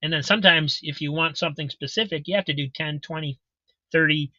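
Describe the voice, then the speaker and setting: A man's voice: fairly high pitch, a little fast, sharp tone, no echo, lo-fi sound. A man on a video call explaining things at length in a rambling way, repeating words as he goes. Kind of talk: casual chat on a video call.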